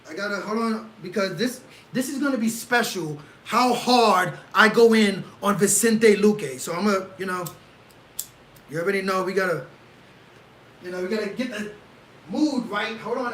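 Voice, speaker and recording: A man hosting a casual livestream, talking in an animated, rhetorical way and often asking "right?" for agreement. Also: sits high, moderate pace, a little hiss or hum, poor audio. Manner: gets loud and excitable. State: leg cramp. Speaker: livestream host.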